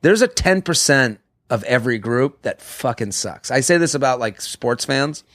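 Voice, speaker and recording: A man's voice: medium pitch, lively intonation, normal speed, a bit bright, dry recording, clean studio sound. Rambling, swearing man. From Boston. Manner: rambling, swearing, laughs at himself. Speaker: comedian guest. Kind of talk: casual podcast chat.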